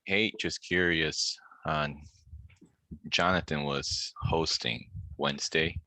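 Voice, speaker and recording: A man hosting a group video call, chatting in a relaxed way and laughing as he retells a story. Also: extremely low pitch, slow. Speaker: host of an online practice group. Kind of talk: casual video-call chat.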